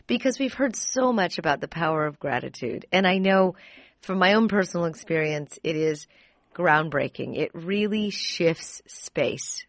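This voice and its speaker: Lady host, lowish voice, dry close sound, affirming and easygoing. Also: expressive, measured pace, no echo. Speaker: interview host. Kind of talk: interview.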